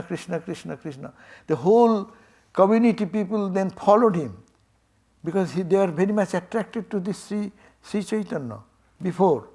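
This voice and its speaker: An older man with an Indian English accent, a swami telling a devotional story in a sermon and acting out its dialogue with chuckles. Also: sits high. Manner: animated, acts out dialogue, chuckles often. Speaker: swami giving a temple talk.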